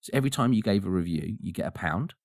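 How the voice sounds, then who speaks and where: A man with a very low, gravelly voice talks in a casual podcast chat, animated and ranting, laughing as he goes. The sound is dry and close, with no room around it. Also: quick pace, no room sound. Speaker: podcast co-host.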